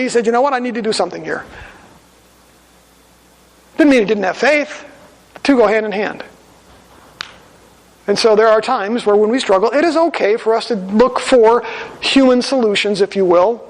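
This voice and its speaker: A man's voice: high-pitched, in a large hall, rough recording. A male pastor preaching a sermon in a conversational, storytelling manner in a church sanctuary.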